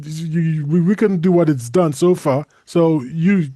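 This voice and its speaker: A man with a high, light voice chats on a talk show, recorded dry and close. He is animated, laughs often and slips into playful voices. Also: unhurried, no room sound. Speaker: co-host. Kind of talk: casual chat.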